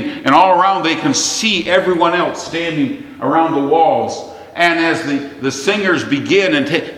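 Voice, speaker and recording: American preacher in an echoey hall. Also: male voice, a little high, fairly bright tone. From United States. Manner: conversational preaching with rhetorical questions to the congregation. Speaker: pastor. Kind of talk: sermon. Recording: echoey long reverb of a church hall.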